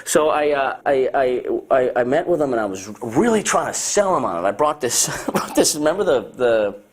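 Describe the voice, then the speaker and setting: Male film director, mid-pitched voice, lively profane anecdotes in an interview. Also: normal speed. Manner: animated, profane anecdote telling. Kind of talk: casual interview chat.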